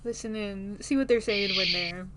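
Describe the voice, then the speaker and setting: A woman's voice: medium pitch, normal speed, background noise. A woman chatting and laughing as a player in a tabletop game. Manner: giggly, animated, profane. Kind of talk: casual tabletop play.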